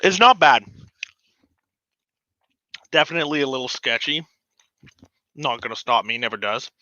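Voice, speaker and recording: A man's voice: medium pitch, lively intonation, normal speed, pushed and bright, no echo. A man hosting a casual live stream from his hobby room. He talks in an easygoing, chatty way and laughs often. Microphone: desk microphone. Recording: slightly dull lo-fi sound.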